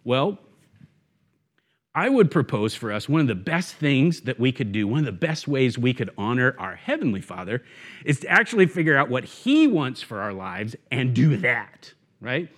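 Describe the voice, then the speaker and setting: A man's voice: mid-range voice, normal speed. A man preaching a sermon as a guest speaker, telling a story with acted-out voices and then moving into his message. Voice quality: bald. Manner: animated storyteller, acts out shouts. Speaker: guest preacher, church network director.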